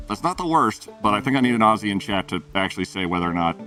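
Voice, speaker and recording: A man casually commenting on his game, joking and answering chat. His low voice is bright and very lively in pitch. The mic sits a little far off, with faint music behind him. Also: fast talker, few pauses. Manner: joking, chatty, reacting to chat. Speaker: game streamer. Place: room at home.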